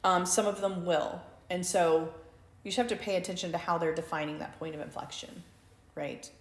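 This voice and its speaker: A woman's voice: on the low side, steady tone, moderate pace. A woman teacher giving a recorded calculus lecture in a classroom, chatty and prone to asking "right?" with dry sarcastic asides. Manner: conversational, asks for agreement with "right?". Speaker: math teacher. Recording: echoey room.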